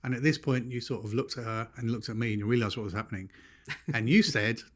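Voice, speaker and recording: A man's voice: mid-range voice, steady tone, fast talker. A man with a London accent, co-hosting a podcast and telling stories in casual chat, acting out the people he quotes. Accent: London English. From England. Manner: dry, storytelling, mimics others in quoted voices. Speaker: podcast co-host.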